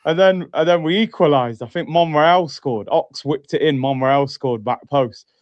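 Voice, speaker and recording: A man on a fan podcast tells a story against himself, laughing as he goes. His voice sits fairly high for a man. It sounds close and dry, with no room around it. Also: moderate pace, no echo, dull audio. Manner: laughing, self-mocking storyteller. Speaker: podcast co-host. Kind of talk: casual storytelling chat.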